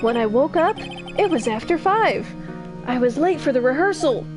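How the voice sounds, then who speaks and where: A woman's voice: high-pitched, expressive, normal speed, music in the background. A woman reading the lines of a male action-show actor in a plain manner.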